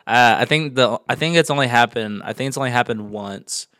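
A young man chatting on a podcast, telling animated stories and acting out what people said. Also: mid-range voice, fairly quick, no echo, studio quality. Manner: animated storyteller, acts out quotes. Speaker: employee. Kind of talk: casual podcast chat.

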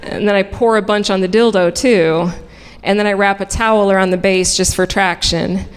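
A woman's voice: medium pitch, steady tone, moderate pace, a little hiss or hum. A woman telling a frank, comic personal story live on stage, swearing freely and narrating with dry humor. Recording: reverberant hall.

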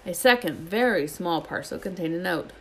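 A woman with a fairly low voice reads a children's novel aloud at a moderate pace, voicing the characters' lines herself with lively character voices. The recording is rough, with a bit of hiss or hum.

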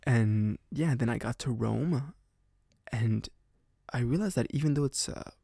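A man's voice: medium pitch, measured pace, gravelly, mellow, husky, dry recording, clean studio sound. A young man from Canada telling a casual story on a podcast, rambling with lots of "like" fillers and frequent laughs. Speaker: podcast host.

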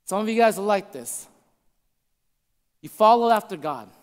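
A man preaching a sermon to a congregation, conversational and checking in with his listeners, dropping to a hush for emphasis. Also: sits high, lively intonation, normal speed, smooth. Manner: shifts from loud to hushed for emphasis. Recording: long hall reverb.

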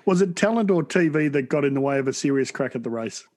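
A man's voice: mid-range voice, animated, fast talker, a little mellow. A man interviewing a guest, asking short prompting questions.

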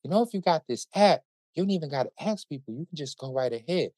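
A woman's voice: deep voice, lively intonation, fast talker, warm tone, no echo, voice pushed up. A man voicing a helpful woman traveler in an airport line who gives friendly, matter-of-fact advice, in a raised voice.

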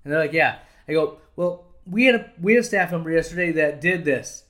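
Male podcast host, slightly higher pitch, emphatic and earnest solo talk. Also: fairly quick, a bit bright. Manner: earnest and fired up, building emphatically on repeated points. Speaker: podcast host, eye doctor.

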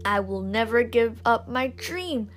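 A woman's voice: fairly high pitch, animated, a little slow. A woman voicing a mean, greedy female school principal who screeches and bellows. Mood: greedy whine. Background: instrumental music.

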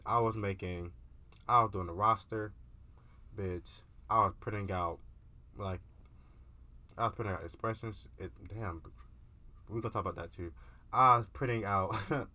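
A man's voice: on the low side, bright, forceful tone. A young man vlogging in a candid, casual confessional monologue, profane and peppered with filler words.

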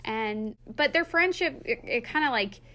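A woman in casual chat, retelling a book's plot with animated quotes from its characters. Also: fairly high pitch, unhurried. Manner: animated, acts out quotes from the book. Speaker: book podcast co-host.

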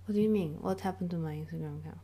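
A woman co-hosting a casual podcast, playful and quick to laugh. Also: on the low side, warm tone. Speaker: podcast co-host. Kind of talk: casual chat.

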